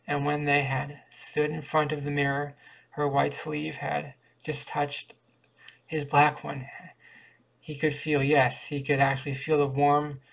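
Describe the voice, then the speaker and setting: A man reading a short story aloud in a flat, measured way, with occasional restarts. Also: fairly high pitch, gravelly. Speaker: audiobook reader.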